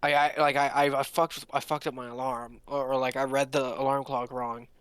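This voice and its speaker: A young man telling a long story casually, rambling with restarts and pitching up to mimic others. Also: level tone, normal speed, fairly bright tone, smooth, dry recording. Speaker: podcast co-host. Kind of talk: casual storytelling among friends.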